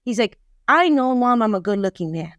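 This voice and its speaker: Middle aged woman guest telling a story, bit high voice, acts out the quotes, dry close mic. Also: brisk, clean tone, no echo. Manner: animated storytelling, acting out quoted dialogue. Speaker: relationship expert guest. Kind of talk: casual podcast conversation.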